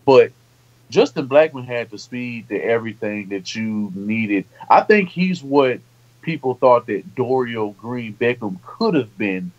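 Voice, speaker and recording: A man co-hosting a casual sports talk show, animated, swearing freely and repeating himself when worked up. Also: medium pitch, unhurried. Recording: dull lo-fi stream audio.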